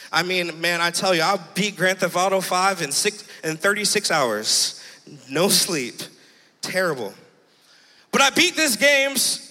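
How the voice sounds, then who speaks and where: A young man in his twenties gives a passionate sermon testimony in a church. His voice sits high and bright, and it carries a long hall reverb. He builds from quiet storytelling to ringing shouts. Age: 20s. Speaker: preacher giving testimony. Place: church sanctuary.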